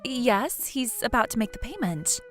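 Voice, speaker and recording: A woman's voice: fairly high pitch, very animated, normal speed, faint music behind. A woman voicing a polite young female restaurant clerk who apologizes but holds firm. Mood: apologetic.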